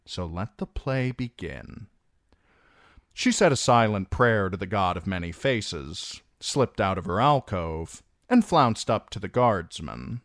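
A man reading a novel chapter aloud as narrator, slow and expressive. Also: on the low side, no room sound, studio quality. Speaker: audiobook reader. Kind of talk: storybook narration.

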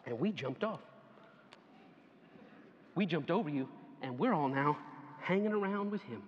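A man preaching a sermon, telling a lively story and acting out the people in it with bursts of laughter. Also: fairly high pitch, unhurried, slight background noise. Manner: animated, laughing storyteller who acts out quoted voices. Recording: dull, echoey hall sound with faint ambience.

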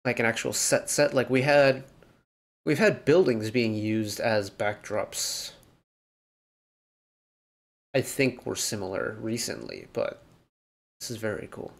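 A man reacting to a music video, picking apart the arrangement in a loose, thinking-aloud ramble. His voice sits at an ordinary middle pitch, and he talks casually with plenty of fillers as he works through his thoughts. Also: animated, slow pace, gravelly, pauses often. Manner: analytical, rambling with many fillers. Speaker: K-pop reaction host.

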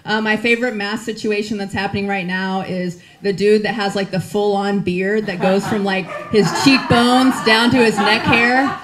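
A woman's voice: medium pitch, steady tone, normal speed, hardly any pauses, background noise. A woman from the Midwest doing a stand-up set, chatty and rambling with many fillers. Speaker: stand-up comedian, former teacher. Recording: crowd audible around stage.

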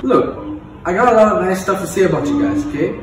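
A man playing an excitable, eager young man who talks loud and fast in an amateur comedy skit. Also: high-pitched. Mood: excited. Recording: echoey room with noise, far off.

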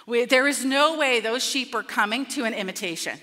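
A woman preaching a sermon in a church, in an animated, conversational way that acts out quotes. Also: on the high side, fairly quick. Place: church sanctuary. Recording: long reverb of a church hall.

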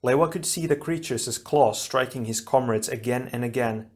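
A man narrating an action storybook in a steady, even reading voice. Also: mid-range voice, normal speed. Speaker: audiobook reader.

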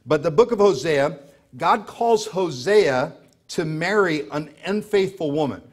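A man's voice: on the high side, animated, unhurried. An American man preaching a sermon as pastor, earnest and repeating key phrases for emphasis.

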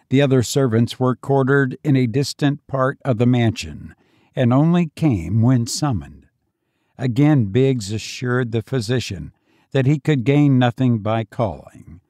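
Male narrator, measured solemn storytelling, slow pace, dry close recording. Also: mid-range voice, darkish tone, dry recording. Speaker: audiobook narrator. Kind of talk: scripted narration of a vintage story.

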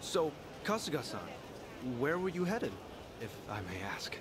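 A man's voice: a little high, very animated, measured pace, a crowd in the background. An actor playing a polite, earnest, modest young man in a video game.

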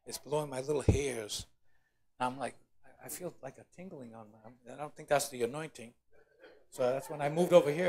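A pastor preaching a sermon in church, swinging between quiet, low passages and loud, climbing emphasis as he acts out complaining voices. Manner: preaching with rising shouted emphasis, acting out complainers. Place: church sanctuary.

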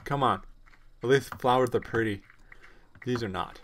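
Over slight background noise, a let's play gamer talks at normal speed in a mid-range, fairly bright voice that sounds sore and tired. His commentary is casual and rambling, full of self-mocking jokes as he talks to himself.

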